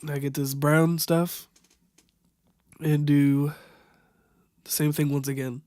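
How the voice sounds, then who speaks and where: A young man improvising a makeup tutorial voiceover, halting and stumbling over product names, wryly amused by what he sees. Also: on the high side, level tone, dark tone, no echo, studio quality. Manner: wry, amused at the footage. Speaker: voiceover narrator.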